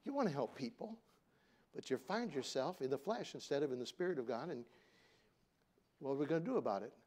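A middle-aged man preaching a sermon, telling a family story in a conversational way. He climbs loud for emphasis and then drops to a soft, low voice. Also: animated, a little fast. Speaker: pastor.

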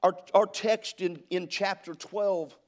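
A middle-aged pastor from California preaches, his voice sitting a little higher than most men's. He tells his stories with quick stammered restarts. When he reads scripture aloud, his delivery lifts into a rising preaching cadence. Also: steady tone. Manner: storytelling with repeated stammered restarts. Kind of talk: sermon.

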